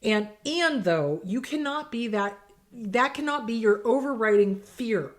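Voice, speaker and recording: A woman's voice: a little high, expressive, a little slow. A middle-aged woman therapist giving blunt, emphatic advice in casual talk, acting out quoted exchanges. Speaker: therapist host answering viewer questions.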